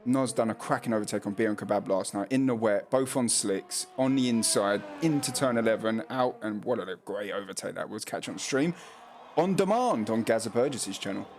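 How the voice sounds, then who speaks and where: A man's voice: lowish voice, moderate pace, darkish tone, soft background music. A man commentating a sim race on his stream. He reads out chat messages and laughs often, and he does not pronounce his R's properly. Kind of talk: casual sim racing commentary.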